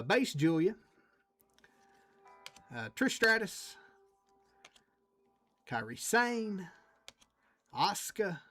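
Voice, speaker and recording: High-pitched and a bit bright, this man hosts a trading card break stream. He keeps up a chatty back-and-forth with his viewers while reading out the cards he pulls.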